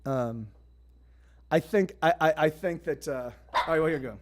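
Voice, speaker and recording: A man's voice: fairly high pitch, moderate pace. A man hosting a live music stream, chatting casually and rambling in a friendly way as he greets viewers by name. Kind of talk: casual livestream chat. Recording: guitar music in the background.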